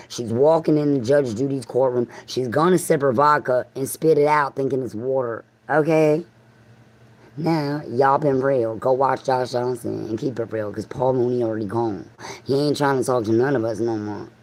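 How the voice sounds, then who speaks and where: A woman's voice: a bass voice, a little mellow, rough recording. Rambling, foul-mouthed woman livestreamer. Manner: profane, free-associating, talks straight at viewers.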